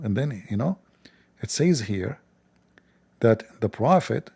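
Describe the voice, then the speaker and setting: A man's voice: medium pitch, lively intonation, slow pace, vocal fry, mellow, husky. A man hosting a livestream, talking in a sarcastic, mocking way. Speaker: livestream host.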